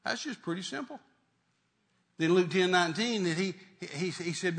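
A man's voice: high voice, moderate pace, fairly bright tone. A man preaching a sermon, repeating phrases and building to emphatic declarations.

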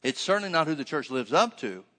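A man's voice: fairly high pitch, big pitch swings, fast talker, fairly bright tone, in a large hall. A man preaching a conversational sermon, telling a story with many fillers and restarts.

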